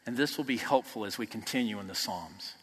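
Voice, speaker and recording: A man's voice: on the low side, a little fast, slightly rough. Preacher man in an echoing hall. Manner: emphatic, rising to near shouts then dropping soft. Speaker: pastor. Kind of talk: sermon. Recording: long reverb of a large hall.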